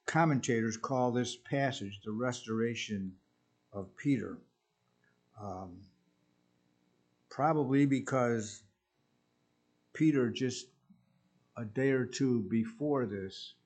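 A man preaching a sermon, hesitant with many pauses and restarts. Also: on the low side, a little mellow.

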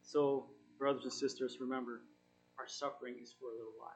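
A man giving an informal sermon, reading scripture and encouraging his listeners in an earnest, halting way with frequent self-corrections. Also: mid-range voice, little pitch movement, poor audio. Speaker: Bible study teacher.

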